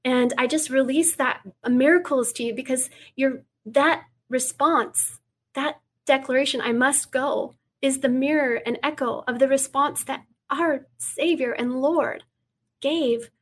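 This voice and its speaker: High-voiced woman preaching earnestly. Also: fairly even intonation, measured pace. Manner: earnest, reads scripture aloud, drops to a hush for quotes. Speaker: guest speaker. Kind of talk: preaching in an interview.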